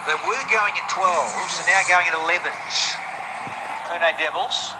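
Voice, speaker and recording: A man doing live cricket commentary, lifting sharply into excitement on big shots. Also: high voice, a little slow, very noisy.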